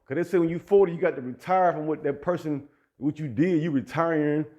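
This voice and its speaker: A man who runs an app business rants directly at his listeners in loose, heated street talk. His voice sits a bit high for a man. He keeps turning to call out to the people he's addressing. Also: brisk, a little mellow. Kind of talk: direct-to-camera rant.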